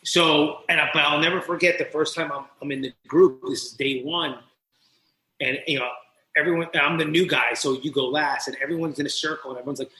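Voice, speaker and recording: A New Jersey coach appearing as a podcast guest tells his story candidly, quick and animated, acting out scenes as they come up. His voice is fairly high, the room reverberates, and the recording is low quality.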